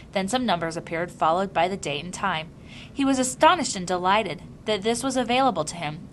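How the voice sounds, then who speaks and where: A woman with a lower-register voice reads a novel aloud in measured, even narration. A slight hum sits in the background.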